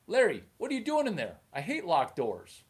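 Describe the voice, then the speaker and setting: A man voicing a strict, suspicious middle-aged father who scolds his son in rapid, shrill questions. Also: wildly swooping pitch. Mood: scolding.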